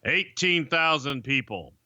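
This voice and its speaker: A man putting on an intense, commanding male wrestling promoter in whispered role-play, low, hushed and forceful. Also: expressive, unhurried, dry recording, exaggerated voice.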